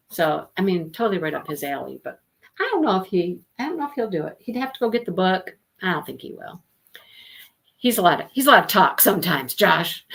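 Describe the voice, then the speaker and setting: Pitched fairly low and edged with vocal fry, this woman's voice leads a livestreamed book discussion. It's a casual chat: she shares stories and breaks into frequent laughter as she reads viewer comments aloud.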